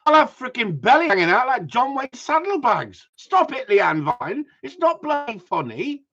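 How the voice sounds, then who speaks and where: A middle-aged man rambles through a casual live stream, blunt and full of swearing and self-mockery. His husky voice swings up and down in pitch. The audio is dull and lo-fi. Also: big pitch swings, moderate pace, a bit bright. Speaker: dog trainer livestreaming.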